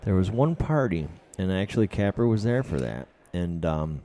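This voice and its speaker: Gruff, profane man. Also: low voice, big pitch swings, normal speed, dark tone. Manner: profane, rambling storyteller. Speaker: podcast host. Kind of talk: casual storytelling chat.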